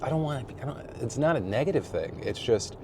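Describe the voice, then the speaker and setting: Talking quickly with lively intonation, a male vlogger in his forties rambles to his audience from a parked car, candid and self-deprecating, often laughing and swearing freely. His mid-range voice is a little mellow, and some slight background noise comes through.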